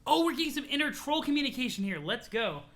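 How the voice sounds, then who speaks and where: Brief: laid-back streamer reacting to chat, bright tone, quick laughs, casual swearing. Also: sits high, big pitch swings. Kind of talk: live-streamed read-along with chat.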